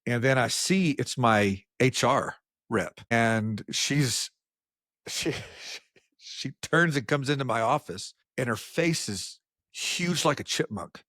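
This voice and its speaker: A man co-hosting a podcast, telling workplace stories in casual chat and acting out the quotes with big jumps in pitch. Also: takes it slowly, no room sound, studio quality. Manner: animated storyteller, acts out quotes with jumps in pitch. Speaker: podcast co-host.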